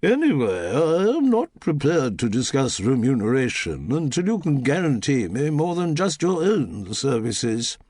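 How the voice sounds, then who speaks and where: A man's voice: mid-range voice, very animated, measured pace, hardly any pauses, a little mellow, no echo, studio quality, pitched above the performer's own voice. A man putting on a haughty old duchess. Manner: haughty, pompous, clipped. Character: imperious elderly aristocratic dowager duchess, woman.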